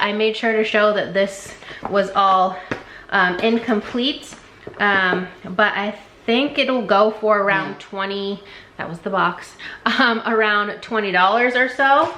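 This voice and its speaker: A woman talks through her thrift haul in a casual, chatty way, with lots of fillers. Her voice is bright and clear, and it rings a little in an echoey room. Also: mid-range voice, a little hiss or hum. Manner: chatty, many um fillers, unsure of brand names. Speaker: thrift reseller showing a haul.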